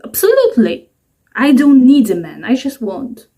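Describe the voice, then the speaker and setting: A woman's voice: fairly high pitch, animated, moderate pace, dark tone, breathy edge. A woman in her twenties chatting to camera in a rambling, self-mocking way, at home at night. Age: 20s. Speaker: vlogger. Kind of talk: casual talking-to-camera vlog.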